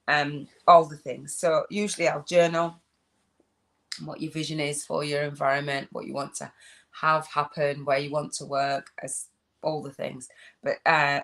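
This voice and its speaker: A woman's voice: deep voice, fairly bright tone. A woman in her forties with a Leeds accent, rambling chattily through a vlog while walking outdoors. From northern England. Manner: rambling, chatty, restarts often. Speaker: spiritual business coach. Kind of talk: casual vlog monologue. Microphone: phone.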